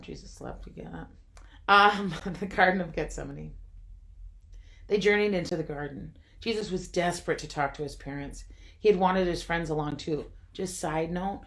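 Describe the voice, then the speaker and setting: A woman reading a devotional retelling at home, reflective and with wry asides. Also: deep voice.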